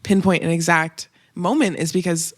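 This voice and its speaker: A young woman chatting as a guest, bubbly and quick to laugh. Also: fairly low pitch, fairly even intonation. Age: young adult. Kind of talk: casual chat.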